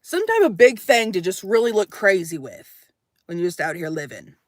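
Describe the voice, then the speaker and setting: A young woman telling a story to her camera from inside her minivan, jumping between loud acted quotes and hushed asides. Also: lowish voice, big pitch swings, normal speed, no echo, studio quality. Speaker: vlogger.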